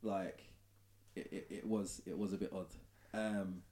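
A man co-hosting a podcast, chatting in a relaxed, agreeable way. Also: low voice, a little slow. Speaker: podcast co-host. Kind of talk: casual chat.

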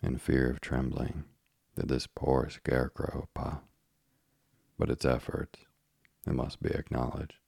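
Deep gravelly male narrator. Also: little pitch movement, a little slow, long pauses, darkish tone, no room sound, clean studio sound. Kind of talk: audiobook reading of a classic tale.

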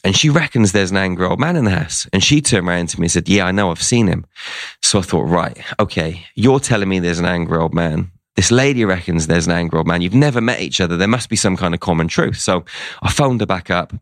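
A man's voice: low voice, lively intonation, fast talker, no echo. A man, a guest in an interview, telling a personal story in a casual way and quoting what people said to him.

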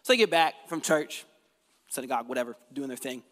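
A male pastor preaching a casual, energetic, conversational sermon to his church. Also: medium pitch, brisk, long reverb tail.

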